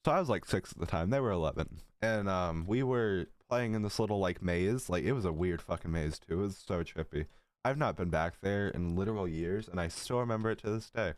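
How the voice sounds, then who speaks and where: A man's voice: deep voice, fairly quick, no echo. A man in his late teens telling a story to camera in a casual, rambling way, with lots of fillers and swearing. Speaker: vlogger.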